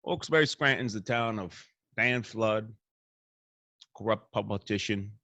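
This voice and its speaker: This is a show host, a man with a Northeastern Pennsylvania accent, rambling profanely through a comedy monologue in a hotel room and restarting his thoughts. His lowish voice moves at a measured pace and sounds pushed and bright, with no room sound.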